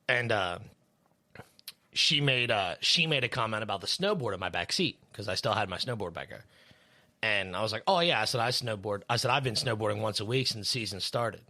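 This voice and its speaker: Man, podcast co-host, casual chat, rambling, heavy swearing, bright tense tone. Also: mid-range voice, expressive, quick pace. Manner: rambling, swears a lot, many fillers. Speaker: third shift worker.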